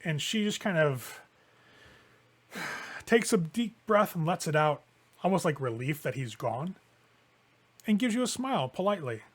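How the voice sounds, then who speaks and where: A man's voice: a little high, very animated, unhurried, pauses often. A man narrating a tabletop game as game master, descriptive and casual. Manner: descriptive, casual with fillers like "kinda".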